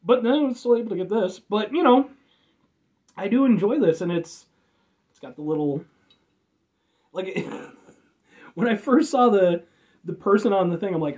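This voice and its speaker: A man's voice: sits high, lively intonation, normal speed, long pauses, darkish tone. A man from the United States doing a casual, rambling drink review with jokes and offhand swearing.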